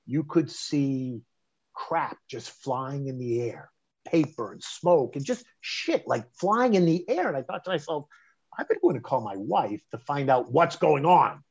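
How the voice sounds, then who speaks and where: Animated New man, husky voice. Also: mid-range voice, a little slow. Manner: animated, emphatic, stammers on restarts. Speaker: interview guest recounting a personal story. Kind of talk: conversational storytelling. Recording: dull lo-fi sound.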